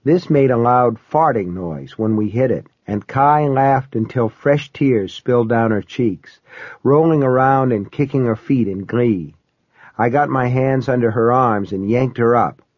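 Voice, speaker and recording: A man reading a first-person story aloud as an audiobook narrator, in a steady, measured storytelling manner. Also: mid-range voice, no echo. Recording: dull, slightly lo-fi dry recording.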